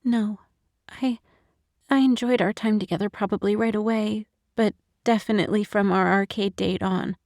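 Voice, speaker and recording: Audiobook: tearful, self-blaming young woman, shaky and soft, voiced by a woman; dry close sound. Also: medium pitch, steady tone, no echo, natural voice. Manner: shaky, halting, soft-spoken. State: crying. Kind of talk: audiobook narration.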